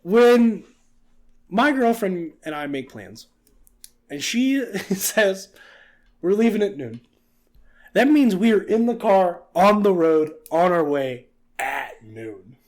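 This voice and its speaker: A man's voice: sits high, slow pace. A man in his twenties on a podcast, telling a story in casual chat, swearing freely and acting out what people said. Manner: animated, swearing, acting out quotes. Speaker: podcast co-host.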